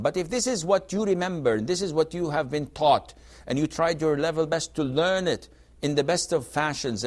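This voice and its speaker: A man answering viewers' religious questions on a call-in TV show, speaking emphatically and acting out quoted exchanges. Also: on the high side. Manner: lively, emphatic, acts out quoted dialogue.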